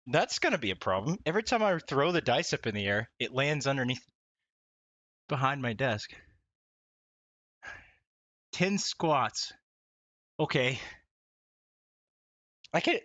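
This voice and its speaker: A man livestreaming casually from his desk at home, laughing often, swearing and talking excitably to his chat. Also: mid-range voice, measured pace, pauses often, dry recording, dull audio. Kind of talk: casual live-stream chat. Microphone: desk mic, wearing wired headphones.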